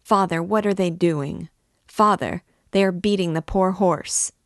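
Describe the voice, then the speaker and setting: A woman's voice: lowish voice, measured pace, no room sound, studio quality. A woman voicing a frightened little boy crying out and pleading in an audiobook reading. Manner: raised, pleading cries.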